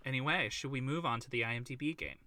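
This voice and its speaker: A man's voice: medium pitch, fast talker, bright, forceful tone. A man co-hosting a casual film podcast, wry and teasing. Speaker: podcast co-host.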